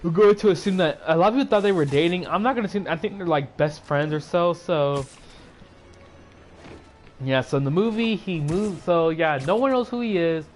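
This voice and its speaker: A man with a fairly high voice retells a movie in a loose, rambling vlog recap, leaning on fillers as he goes. He sounds sleepy and keeps yawning. His throat is sore from all the talking. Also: moderate pace, soft background music. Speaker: YouTuber.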